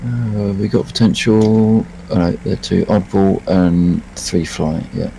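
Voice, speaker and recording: A man's voice: sits low, steady tone, slow, creaky, mellow, a little hiss or hum. A man in a flight sim calling out spotted planes to his teammates over headset chat. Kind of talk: casual gaming chat.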